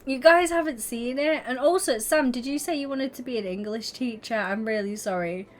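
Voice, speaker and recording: A woman's voice: fairly high pitch, moderate pace. A young woman streaming live, chatting casually with her viewers and constantly breaking into giggles. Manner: giggly, keeps breaking into laughter.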